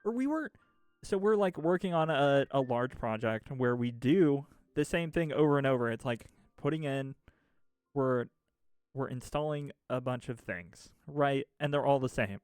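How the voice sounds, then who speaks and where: A man's voice: mid-range voice, moderate pace, a little mellow, smooth, no echo, clean studio sound, faint music behind. A man streamer venting to chat in a rambling, exasperated way, swearing often and laughing mid-sentence. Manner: rambling with restarts and filler. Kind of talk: casual ranting chat.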